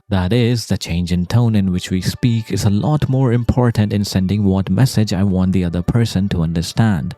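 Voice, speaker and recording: Mellow-voiced Indian man with a light accent. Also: on the low side, dry recording. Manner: deliberate, leans on emphasis and rhetorical questions. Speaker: video essayist. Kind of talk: scripted commentary.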